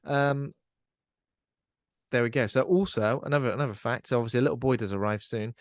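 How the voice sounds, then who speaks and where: A man's voice: mid-range voice, a little fast, no room sound. A man co-hosting a casual film podcast, chatty and rambling with frequent fillers. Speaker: podcast co-host.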